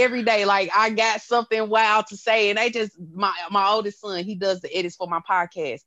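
A woman's voice: mid-range voice, steady tone, fairly bright tone, no room sound. A woman in her thirties hosting a podcast, talking casually and candidly with lots of fillers and frequent laughter. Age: 30s. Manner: candid and loose, often breaking into laughter; drawn-out pauses and filler-heavy phrasing. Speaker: podcast host.

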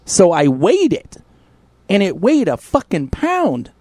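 A man's voice: high-pitched, slow, no echo. A man co-hosting a podcast, telling a story in casual chat, swearing freely and laughing as he goes. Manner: profane, animated, laughing as he tells stories. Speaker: podcast co-host. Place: indoor studio room.

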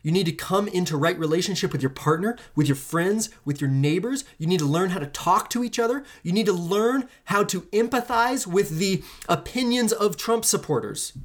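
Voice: expressive, moderate pace, hardly any pauses. Emphatic, preachy podcast host. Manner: emphatic and preachy, repeats phrases, casual swearing; pitch and pace swing widely between lines. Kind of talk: impassioned solo podcast monologue.

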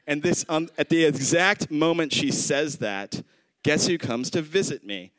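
Guy doing a stand-up story set, kinda high voice, keeps laughing into his lines. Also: normal speed, no echo, low-quality recording. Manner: animated, acts out quotes, laughs mid-line. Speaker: storytelling comedian.

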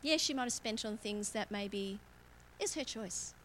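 A woman's voice: medium pitch, expressive, measured pace, fairly bright tone, a little hiss or hum. A woman preaching a candid, conversational sermon in church, self-mocking and laughing often. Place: church auditorium.

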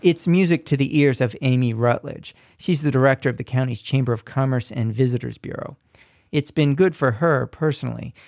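A man reporting a radio news feature in a measured, scripted narration, recorded at a studio mic. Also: mid-range voice, creaky, a little mellow.

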